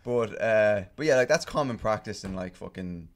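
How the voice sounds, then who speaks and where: A man with a fairly low voice holds the floor on a relaxed podcast. He tells a long, meandering anecdote packed with swearing, ums, likes and restarts. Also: moderate pace. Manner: rambling, profane storytelling with many fillers. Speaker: podcast guest telling stories. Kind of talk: casual podcast chat.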